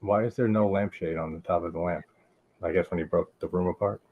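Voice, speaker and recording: A man's voice: deep voice, steady tone, a little fast. A man hosting a casual live movie-watch chat, rambling with lots of "like" fillers and frequent laughter. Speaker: host. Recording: dull lo-fi stream audio.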